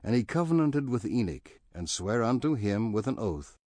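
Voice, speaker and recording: A man reading scripture aloud in a measured, reverent cadence. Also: mid-range voice, very animated, warm tone, no room sound. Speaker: scripture reader.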